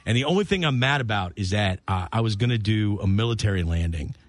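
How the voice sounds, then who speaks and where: Rambling low-voiced radio host. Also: male voice, expressive, quick pace, no room sound. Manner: rambling, self-deprecating storyteller with many fillers. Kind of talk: casual morning radio banter.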